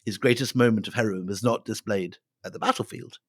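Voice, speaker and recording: A man's voice: on the low side, fairly quick, fairly bright tone, no room sound, clean studio sound. A middle-aged man co-hosting a history podcast, telling the story with dramatic flair and reading quotes aloud.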